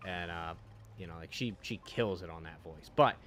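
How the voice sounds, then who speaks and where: A man's voice: sits low, moderate pace, a bit bright, a little hiss or hum. A man streaming a game, chatting casually with lots of fillers and swearing. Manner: rambling, profane, frequent fillers. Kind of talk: casual chat while streaming.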